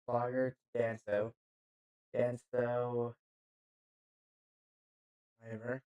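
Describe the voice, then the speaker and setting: A man giving casual live play-by-play commentary on a football match into a handheld mic, halting and often unsure of player names. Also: medium pitch, level tone, clear, resonant tone, highs cut off. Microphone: handheld microphone.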